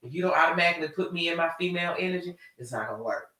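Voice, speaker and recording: Animated woman co-hosting a live talk show. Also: on the low side, rapid-fire, noisy background. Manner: frank, animated and talkative. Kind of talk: casual chat about relationships. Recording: roomy sound, mic at a distance.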